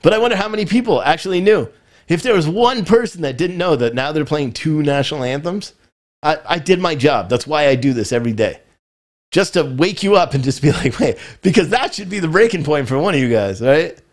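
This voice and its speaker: A man's voice: fairly high pitch, animated, a little fast. Rambling, frustrated man host. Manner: frustrated, rambling, repeats himself. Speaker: podcast host. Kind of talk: casual political commentary.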